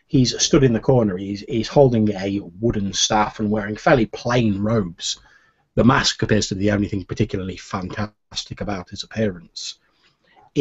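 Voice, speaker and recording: A man with a low, husky voice narrates as game master of a tabletop game, laying out scenes in a measured way. The recording is slightly dull. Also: darkish tone.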